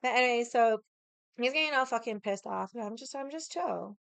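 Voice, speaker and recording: A young woman tells a long story at home with a drink in hand, wandering off topic and cursing freely. Her voice is smooth and clear. It is recorded close and dry. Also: a little high, lively intonation, a little fast, a bit bright, no room sound. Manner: swears freely, drifts into tangents; drinking while chatting. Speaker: vlogger. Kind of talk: casual storytelling.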